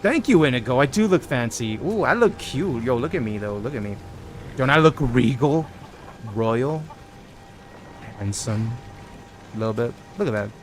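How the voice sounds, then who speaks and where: A man's voice: mid-range voice, lively intonation, moderate pace, long pauses, soft background music. A man live-streaming a video game, chatting casually with viewers in a playful, joking way full of tangents. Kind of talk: casual live-stream chat while gaming.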